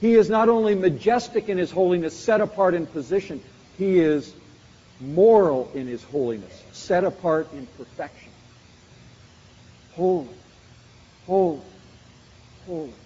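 A man with a fairly high voice preaches a sermon, building emphasis through repeated phrases. The sound is dull and muffled. A long reverb from a large hall hangs behind his words. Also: a little slow, pauses often, warm tone. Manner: emphatic, repetitive preaching cadence.

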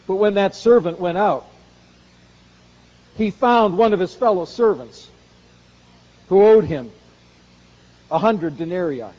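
A man preaching an expository sermon, his voice high and mellow. He speaks earnestly, pushing to loud emphasis and then dropping quiet. The sound is slightly dull.

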